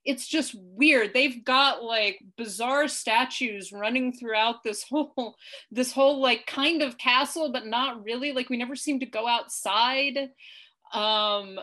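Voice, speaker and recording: A woman's voice: on the high side, measured pace, pushed and bright. A woman co-hosting a podcast, reviewing a film in casual chat. She talks animatedly, swears, and leans on filler words; she says she is tired. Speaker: podcast co-host.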